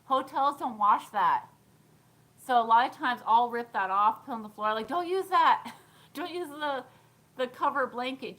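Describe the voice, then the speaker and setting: A woman's voice: medium pitch, sharp tone, poor audio. A woman in her thirties chatting casually on a live stream, giggling often and answering viewer comments. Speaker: thrift vlogger.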